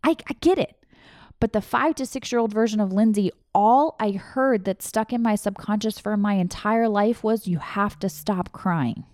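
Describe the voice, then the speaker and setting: A woman's voice: on the high side, moderate pace, darkish tone, no room sound, clean studio sound. A woman in her thirties telling a raw personal story, candid and emotional, swearing freely. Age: 30s.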